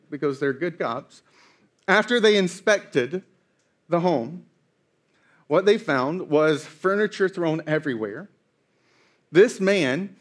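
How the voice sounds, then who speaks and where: Man, high voice, sermon, animated storyteller, playful asides. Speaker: pastor.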